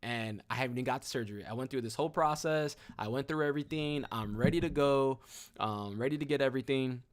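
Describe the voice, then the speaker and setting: A man hosting a live stream, telling his story in a casual, slangy, energetic way. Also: fast. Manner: slangy, energetic, peppered with "boom" and "mad cool".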